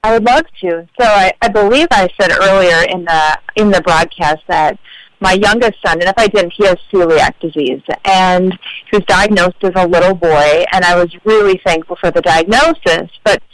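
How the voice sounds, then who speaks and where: A woman's voice: fairly low pitch, moderate pace, no echo, poor audio. A woman in her forties, a guest author on a radio interview show, telling personal stories in a reflective, earnest way.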